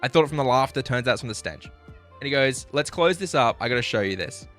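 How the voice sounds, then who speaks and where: Australian male streamer, bright forceful voice, crude animated storytelling, soft music underneath. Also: medium pitch, fast. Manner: animated, crude, self-mocking. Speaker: livestreamer. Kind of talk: casual storytelling to stream chat.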